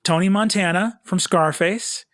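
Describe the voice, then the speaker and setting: A man guesting on a comedy podcast, telling an excitable story and acting out quotes as he goes. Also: sits high, a little slow, dry recording, studio quality. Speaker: guest, game master.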